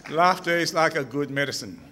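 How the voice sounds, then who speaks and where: A man telling jokes to a crowd at a slow, drawn-out pace, laughing at his own punchlines. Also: a little high, pushed and bright, big-room sound. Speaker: joke teller. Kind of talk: stand-up joke telling to a crowd.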